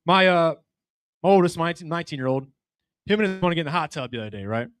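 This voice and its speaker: A man's voice: fairly high pitch, expressive, fast talker, clear, resonant tone. A middle-aged man doing a stand-up comedy set, telling a profane story with brash delivery and acting out voices.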